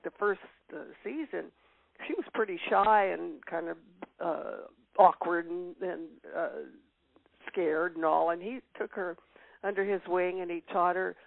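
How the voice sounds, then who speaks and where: A woman's voice: lowish voice, gravelly, no room sound. An older woman as an interview guest, reminiscing in casual chat with frequent fillers and laughs. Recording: tinny phone-line sound.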